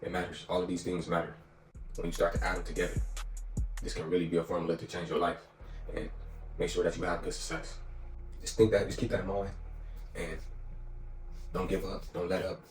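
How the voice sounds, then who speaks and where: A man's voice: deep voice, flat delivery, brisk, long pauses. A man giving a casual motivational talk, slangy and emphatic, repeating his phrases for weight. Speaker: motivational speaker. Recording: echoey room, distant mic, music behind.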